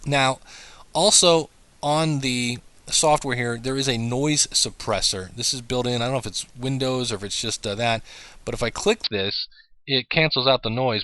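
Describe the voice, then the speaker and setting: A man in a casual teaching voice, testing equipment as he talks. The sound is dry and close, with no room around it. He speaks at a middle pitch in an easy, chatty way. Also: normal speed, pushed and bright, dry recording. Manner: conversational, testing gear aloud. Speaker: podcast teacher. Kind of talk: casual demonstration.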